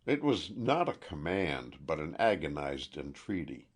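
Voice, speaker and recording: Deep, husky male audiobook narrator. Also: very animated, unhurried. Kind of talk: audiobook reading.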